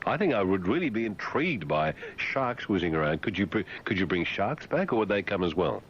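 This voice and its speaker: A man's voice: sits low, sing-song, brisk, a bit bright, dull audio, slight background noise. A man hosting talk radio, teasing and mock-condescending as he bantered with guests and callers. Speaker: radio host.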